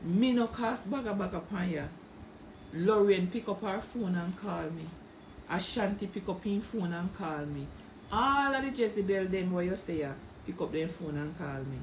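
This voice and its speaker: A woman's voice: on the low side, animated, normal speed, a little hiss or hum, poor audio. A middle-aged woman with a Jamaican accent, speaking Patois in a heated, tearful livestream rant, calling out viewers by name into a phone. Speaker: social media livestreamer.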